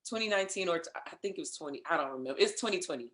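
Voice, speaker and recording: Animated woman telling a story, echoey room. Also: lowish voice, rapid-fire. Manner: animated storyteller, acts out others' lines, laughs. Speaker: interview guest, singer and voice actor. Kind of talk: storytelling in casual interview chat.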